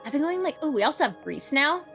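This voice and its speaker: A woman with a somewhat high voice plays through a video game on a live stream. She reads the on-screen text aloud and breaks off for quick, chatty remarks, with faint game music playing under her. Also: sing-song, gravelly, fairly bright tone. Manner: chatty asides between reading game text. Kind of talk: live game playthrough, reading dialogue aloud.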